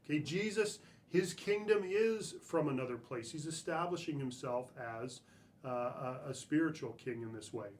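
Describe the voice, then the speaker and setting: A man's voice: fairly high pitch, expressive, moderate pace, slight background noise. A man in a church reading scripture aloud and then talking through it in a casual, conversational way, often checking in with "right?". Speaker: church speaker.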